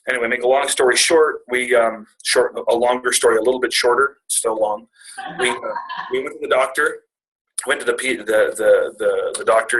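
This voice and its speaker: A man in his twenties tells a personal story to a retreat audience. His voice is bright and forceful, sitting at an ordinary middle pitch. He rambles, restarts and cracks self-deprecating jokes along the way. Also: poor audio. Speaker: speaker at a retreat.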